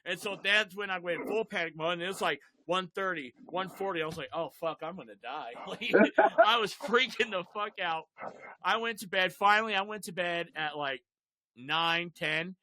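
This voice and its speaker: A man's voice: high voice, normal speed, pushed and bright. A young man hosting a casual chat, telling a wild story with lots of swearing and laughter. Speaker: podcast host.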